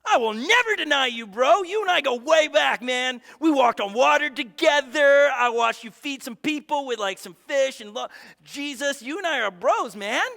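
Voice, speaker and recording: Brief: preacher doing a brash, swaggering bro apostle, high and loud, hall reverb. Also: male voice, lively intonation, moderate pace, vocal fry, few pauses, full character voice. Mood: boastful. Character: boastful bro-talking male apostle, puffed up.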